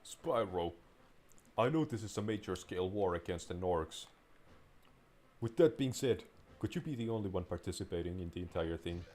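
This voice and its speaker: Deep-voiced joking gamer man. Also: fast talker, hardly any pauses, darkish tone. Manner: playful, rambling, joking. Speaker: gaming YouTuber. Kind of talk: casual gameplay commentary.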